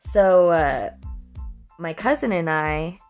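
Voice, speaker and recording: A woman's voice: on the low side, expressive, slow pace, darkish tone, smooth, soft background music. A woman from Colorado casually telling anecdotes from her youth, swearing freely and breaking into laughter between lines. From Colorado, USA. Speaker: storyteller recalling her youth.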